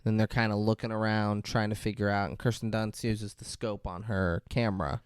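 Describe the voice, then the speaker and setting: A man's voice: fairly low pitch, fairly quick, clear, resonant tone, no echo, studio quality. A man co-hosting a podcast, casually reviewing a film and acting out its scenes in quoted voices. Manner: animated storyteller, acts out scenes in quoted voices. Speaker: podcast co-host.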